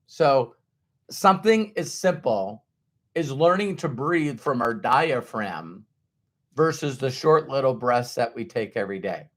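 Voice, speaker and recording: A man giving a motivational talk to an audience, acting out everyday inner voices in an animated way. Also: medium pitch, a little slow. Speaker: motivational speaker.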